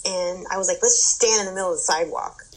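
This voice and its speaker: A young adult woman telling an animated story in casual chat, with lots of fillers and swearing. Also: lowish voice, very fast, rough recording.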